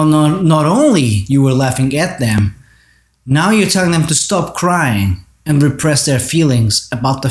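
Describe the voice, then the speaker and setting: A man with a voice pitched a little high delivers an earnest monologue on parenting. He speaks directly to parents in a steady, reflective way. The recording carries a noticeable room echo. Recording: roomy echo.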